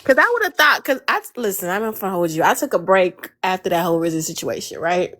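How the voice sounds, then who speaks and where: A woman's voice: lowish voice, animated, fast, a bit bright, dry recording. A woman hosting a live audio chat room, blunt, teasing and profane in casual talk on a phone mic.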